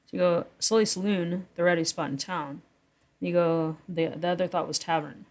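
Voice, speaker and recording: A woman's voice: fairly low pitch, fairly even intonation, normal speed. A woman talking through a story she wrote in casual vlog commentary, rambling, correcting herself and chuckling between thoughts. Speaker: writer explaining her own story. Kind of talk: casual vlog commentary reading from her draft.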